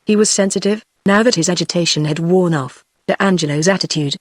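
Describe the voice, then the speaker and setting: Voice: medium pitch, fairly quick, no room sound. Dry synthetic audiobook narrator voice. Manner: even, machine-read delivery. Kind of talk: text-to-speech book reading.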